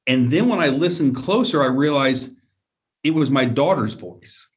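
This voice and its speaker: Man, mid-pitched voice, earnest first-person storyteller, repeats himself and keeps checking in with the listener. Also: lively intonation, normal speed. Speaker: guest telling a personal encounter.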